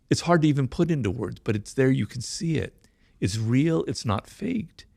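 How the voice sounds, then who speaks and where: Middle-aged guy w a gravelly voice, talks quick and emphatic, dry close sound. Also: medium pitch, darkish tone, no echo. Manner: fast-talking, admits his mind races; emphatic, peppers points with "right?". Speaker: interview guest, author. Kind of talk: conversational interview.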